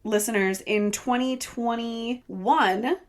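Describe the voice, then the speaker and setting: A woman's voice: fairly high pitch, slow pace. A woman co-hosting a podcast in casual chat, laughing often and talking with fillers and restarts. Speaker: podcast co-host.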